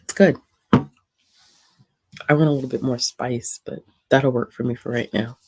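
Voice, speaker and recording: A woman's voice: extremely low pitch, steady tone, measured pace, pauses often, darkish tone, slightly rough. A woman hosting a casual reading livestream from home, chatting easily with frequent ums and laughter. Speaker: livestream host. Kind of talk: casual chat.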